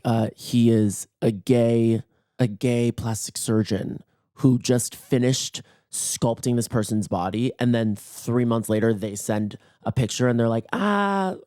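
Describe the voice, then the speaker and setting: Hoarse guy late 20s doing his podcast in bed, campy and jokey, dead dry sound. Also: mid-range voice, mellow, no room sound. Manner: playful, campy, self-mocking banter. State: hoarse, voice nearly gone. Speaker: podcast host. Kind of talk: casual solo podcast chat. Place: in bed at night.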